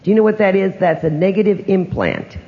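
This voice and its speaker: An older man speaking as a psychic tells an audience personal stories and poses rhetorical questions conversationally. His high-pitched voice is very animated and fairly quick. The recording is dull and lo-fi, in a reverberant hall.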